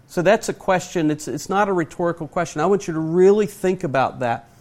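Earnest preacher man, slightly high voice. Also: a little mellow. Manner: earnest, emphatic, speaks slowly to stress points; asks the audience direct questions. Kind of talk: sermon.

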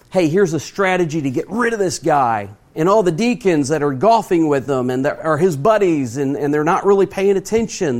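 A middle-aged man preaching a sermon, earnest and emphatic, slowing down to stress his points and putting direct questions to his listeners. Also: fairly high pitch, darkish tone. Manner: asks the audience direct questions.

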